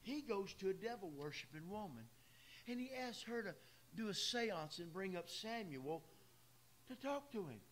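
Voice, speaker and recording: Emphatic preacher, bright forceful voice. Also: male voice, high-pitched, lively intonation, normal speed, slight background noise. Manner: emphatic, plain-spoken, addresses the congregation directly. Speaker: pastor. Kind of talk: sermon with folksy asides. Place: church.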